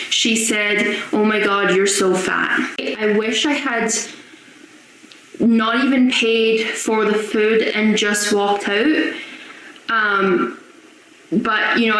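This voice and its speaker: A woman's voice: a little high, a bit bright. A young woman earnestly telling a personal story with strong feeling. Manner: earnest, emotional recounting. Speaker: guest sharing a story. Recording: very echoey room with faint noise.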